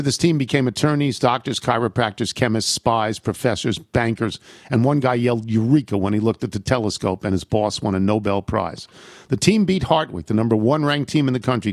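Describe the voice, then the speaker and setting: Guy reading out fan mail on his show, wry and amused, mid pitched voice, close dry studio sound. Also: a little mellow, no room sound. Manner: wry, amused, laughs at the letters. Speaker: radio show host reading listener emails. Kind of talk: reading listener mail aloud with dry humor.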